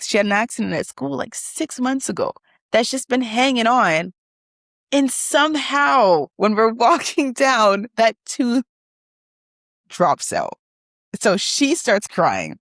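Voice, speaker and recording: Woman guest, animated and emotional storyteller, dry close sound. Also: medium pitch, a little slow, no room sound. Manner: animated, emotional, acts out quoted dialogue. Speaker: guest, business founder. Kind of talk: conversational interview storytelling.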